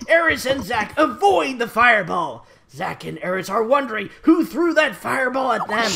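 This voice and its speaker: A young man reads a fan fiction story aloud in a plain, unpolished way. His voice sits high for a man, and he stumbles over words and corrects himself as he goes. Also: expressive, normal speed, creaky, hardly any pauses, crowd noise.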